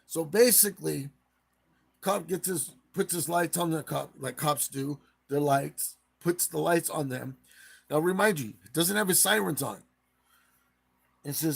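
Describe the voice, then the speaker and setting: A man's voice: a little high, a little slow, vocal fry, slightly rough. A man hosting a live stream, casually retelling a case in a rambling way and acting out the quotes.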